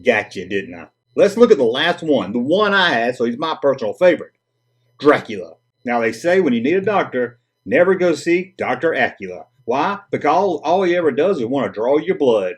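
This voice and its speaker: Southern US man, toy review host, husky voice, lively pitch, cracks corny jokes. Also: brisk. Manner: jokey, corny puns, chatty. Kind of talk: casual vintage toy review.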